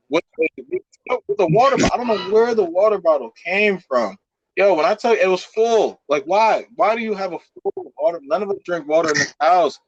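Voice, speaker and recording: This young male podcast co-host has a high-sitting voice and keeps a moderate pace. Animated and profane, he tells his story casually, with plenty of fillers.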